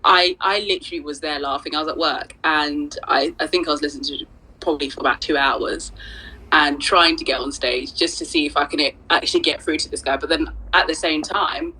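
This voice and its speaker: A woman speaking in an online audio space, telling a story in an animated, exasperated way. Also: low voice, fairly quick, breathy edge, rough recording. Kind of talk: casual discussion.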